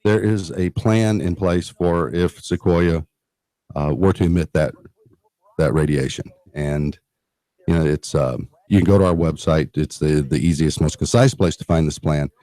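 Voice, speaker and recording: A man's voice: a bass voice, measured pace, warm tone, no echo. A man guesting in a radio studio, explaining emergency preparedness earnestly with frequent fillers and restarts. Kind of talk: radio talk interview.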